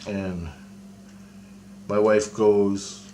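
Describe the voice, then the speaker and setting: A man casually recounting a personal experience, rambling and halting, with many restarts and some swearing. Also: fairly low pitch, slight background noise. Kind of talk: casual spoken anecdote.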